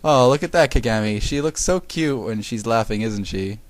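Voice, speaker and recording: A man's voice: mid-range voice, animated, moderate pace, no echo, close to an everyday voice. A man voicing a sweetly mocking young woman in a put-on, clumsy British voice. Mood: teasing. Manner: sweet, mocking, talks baby talk. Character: teasing young woman in a sugary faux-British voice.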